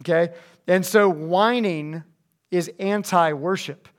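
Lively young man preaching to teens. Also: high voice, slow pace. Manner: animated, conversational, acts out voices when reading scripture. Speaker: youth pastor. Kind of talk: youth sermon.

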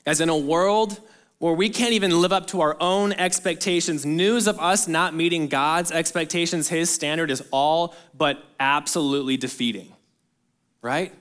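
A pastor preaches to his congregation, addressing them earnestly and directly, swelling into emphatic bursts before dropping soft and low. He keeps a moderate pace with a clean tone.

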